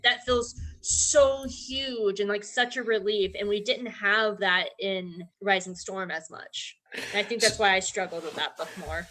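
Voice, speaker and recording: A woman's voice: mid-range voice, fairly even intonation, unhurried, bright, forceful tone. A woman talking earnestly and emotionally as a guest in a casual podcast discussion.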